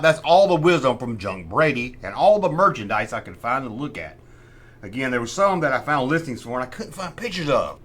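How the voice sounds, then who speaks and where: A man's voice: medium pitch, fairly bright tone. A middle-aged man hosting a casual collector's show-and-tell, rambling with sarcastic, mock-outraged asides. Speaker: host.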